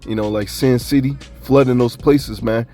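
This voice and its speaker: A man's voice: mid-range voice, steady tone, normal speed, mellow, soft background music. A man from Kentucky giving a loose, conversational sermon with laughing asides. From Kentucky, USA. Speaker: preacher. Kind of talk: casual street-style sermon.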